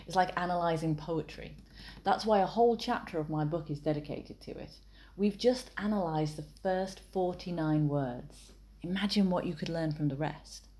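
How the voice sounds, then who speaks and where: A woman explaining copywriting in a measured, analytical way, with wry asides. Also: lowish voice, dark tone. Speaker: copywriting teacher and author.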